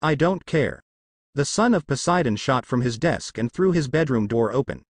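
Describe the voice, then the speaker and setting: Man reading a story in lively tones. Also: medium pitch, a little fast, no echo. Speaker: narrator. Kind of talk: reading fan fiction aloud.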